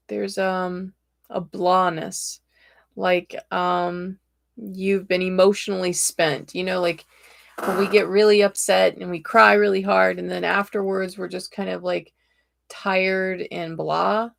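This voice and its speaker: A woman's voice: fairly low pitch, level tone, slow pace, gravelly. A woman host giving live-streamed tarot readings in a chatty, direct and encouraging way, with a tickle in her throat.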